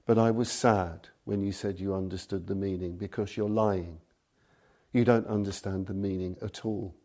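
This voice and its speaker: A man's voice: low-pitched, steady tone, moderate pace, mellow, pitched below the performer's own voice, close to an everyday voice. A man quoting a ragged old outcast woman who bluntly scolds a scholar, in his own voice. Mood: chiding.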